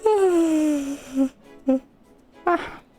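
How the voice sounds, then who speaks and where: A woman's voice: sits high, very slow, dark tone, faint music behind. A woman streaming a game live, chatting playfully with her viewers as she plays. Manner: playful, rambling, chats with viewers.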